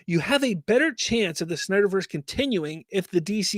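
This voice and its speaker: A man hosting a live fan news stream reads chat comments aloud and rants with exasperated rhetorical questions. His high-pitched, fairly bright voice is animated and a little fast, captured with clean studio sound and no echo.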